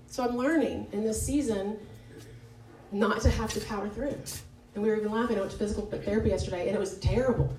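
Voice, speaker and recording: A woman heading a women's Bible study speaks quickly in a medium-pitched, somewhat dark voice. Her informal devotional teaching is frank and conversational, peppered with fillers and self-corrections. The distant recording in an echoey church meeting room carries a slight hiss or hum.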